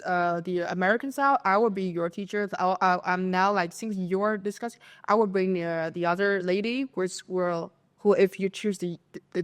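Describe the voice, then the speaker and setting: A woman with a Chinese accent co-hosts a casual podcast, telling her story with animated energy. Her voice sits at an ordinary middle pitch. She slips into her classmates' voices as she goes. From China. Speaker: podcast co-host. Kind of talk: casual chat.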